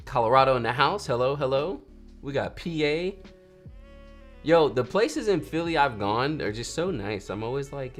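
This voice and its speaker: Chatting casually with his photography livestream viewers, this North Carolina man in his 30s speaks at a moderate pace in a medium-pitched voice. He jokes while reading the chat aloud, acting out quotes in a lively way over faint background music.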